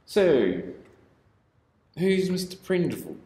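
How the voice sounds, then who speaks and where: A man's voice: sits high, sing-song, slow, mellow, voice pushed up, full character voice. A man voicing a smarmy, falsely friendly male police officer in a mocking singsong. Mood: mocking, wheedling. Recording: roomy echo.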